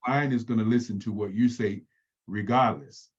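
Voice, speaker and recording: A man in a group discussion offering measured advice, often restarting his sentences. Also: steady tone, husky. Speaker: workshop participant. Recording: muffled low-fidelity audio.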